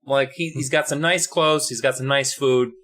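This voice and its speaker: A man's voice: mid-range voice, fairly even intonation, moderate pace, fairly bright tone. A young man co-hosting a podcast, recapping a story in a profane, rambling, jokey way. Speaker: podcast co-host. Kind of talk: casual comedic recap.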